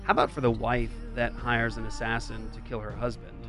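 A man hosting a show, commenting emphatically on a played interview clip, with wide swings in pitch and loudness. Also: little pitch movement, brisk, music in the background. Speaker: podcast host.

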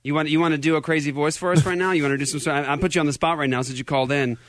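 An energetic male host whose voice sits a little high, talking over himself with quick restarts. The sound is dry and close. He keeps things loose and jokey with his callers. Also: no echo. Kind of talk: casual live show chat.

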